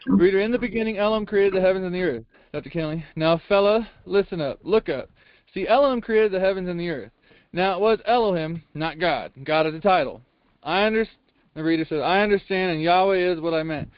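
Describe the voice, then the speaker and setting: High-voiced man reading a sermon transcript. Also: quick pace, smooth, no room sound, highs cut off. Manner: emphatic, with frequent rhetorical questions; folksy double negatives. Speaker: Bible class reader.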